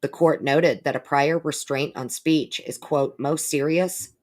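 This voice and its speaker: A woman's voice: low-pitched, steady tone, unhurried, darkish tone. A woman hosting a live stream, reading court documents aloud and breaking off now and then for wry casual remarks. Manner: reads legal text steadily, breaking off for wry remarks.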